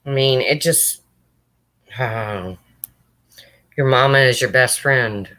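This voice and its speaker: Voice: medium pitch, takes it slowly, bright, forceful tone. A livestream host talking emotionally to viewers and answering chat, close to tears. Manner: emotional, talks straight to viewers.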